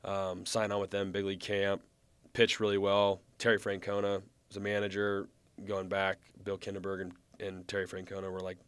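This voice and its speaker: Relaxed low-voiced man telling stories. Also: moderate pace, clean tone. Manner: relaxed, chatty, acts out quoted lines. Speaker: former pro baseball pitcher, guest. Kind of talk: casual storytelling.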